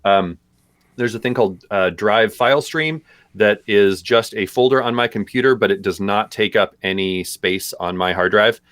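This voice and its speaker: A man co-hosts a live stream, answering viewer questions in a loose, rambling way with lots of fillers during casual chat. His voice is fairly low in pitch and a bit bright, at a moderate pace, with clean studio sound and no room sound.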